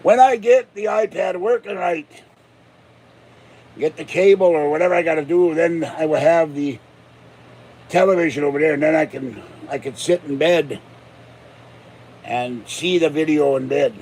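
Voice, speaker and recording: A man's voice: fairly high pitch, moderate pace, pauses often, a little hiss or hum. A man hosting his own vlog in a rambling, jokey, casual way. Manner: rambling, jokey, breaks into growled pirate shouts. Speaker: channel host.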